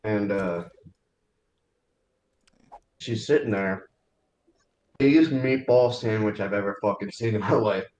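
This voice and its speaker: A man's voice: fairly low pitch, takes it slowly, pauses often, a little mellow, reverberant, poor audio. A young man from New Jersey on a voice call, chatting casually, laughing through his stories and swearing. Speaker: friend on a call. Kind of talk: casual chat.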